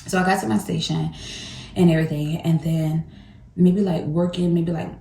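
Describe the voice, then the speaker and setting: Chatty woman with a gravelly low voice. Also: fairly even intonation, moderate pace, mellow. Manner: chatty, talks straight to viewers. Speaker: vlogger. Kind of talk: casual talk to the camera. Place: home kitchen. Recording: echoey room.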